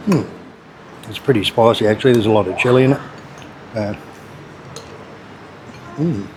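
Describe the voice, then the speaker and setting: An Australian man with a lowish voice talks at a normal pace, chatting casually about a local cafe as a food vlogger. His manner is relaxed, chatty and laid-back, like casual vlog narration. The cafe around him is noisy.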